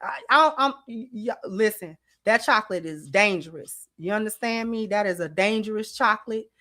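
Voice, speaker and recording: A middle-aged woman, hosting a casual livestream and talking straight to her viewers in an animated, drawling way. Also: medium pitch, normal speed. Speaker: channel host.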